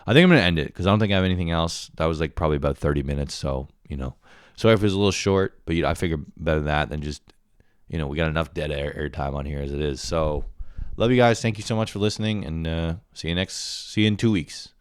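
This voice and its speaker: A man's voice: very deep voice, fast, smooth, dry recording, clean studio sound. A young man hosting a solo podcast, rambling and swearing with self-mocking laughs. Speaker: podcast host. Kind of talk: solo comedic podcast rant.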